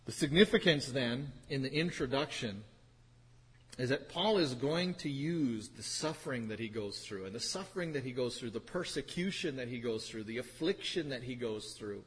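A man's voice: mid-range voice, expressive, moderate pace, breathy edge. A man preaching a sermon, teaching from scripture with emphatic repetition and wry asides. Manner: emphatic, repeats phrases, wry sarcastic asides. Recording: hall reverb.

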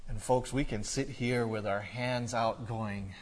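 A male pastor preaching a sermon, moving from quiet reflection to loud, animated storytelling. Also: medium pitch, a little slow, slight background noise. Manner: builds from quiet musing to loud excited storytelling. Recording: echoey hall reverb.

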